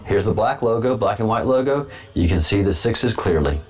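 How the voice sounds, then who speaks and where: Rambling low-voiced livestream host. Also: male voice, animated, normal speed. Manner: rambling, repeats himself, restarts a lot. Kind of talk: casual political livestream commentary. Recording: dull lo-fi webcam sound.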